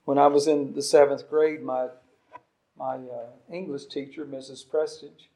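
A man in his sixties preaching a sermon, emphatic, with soft asides and loud stresses. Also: mid-range voice, fairly even intonation, unhurried. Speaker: pastor.

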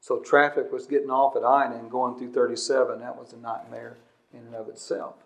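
Pastor guy preaching, earnest, punchy lines then drops real quiet, medium pitch. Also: level tone, a little fast, gravelly. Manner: earnest, emphatic preaching with repetition, shifting between loud and quiet. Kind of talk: sermon.

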